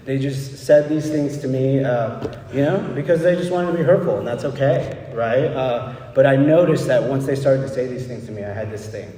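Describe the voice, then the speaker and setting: A man's voice: mid-range voice, darkish tone. A young man from El Paso tells his recovery story at a meeting in a loose, candid way, often checking in with "right?" and "you know". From El Paso, Texas. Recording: echoey hall, distant mic, faint background noise.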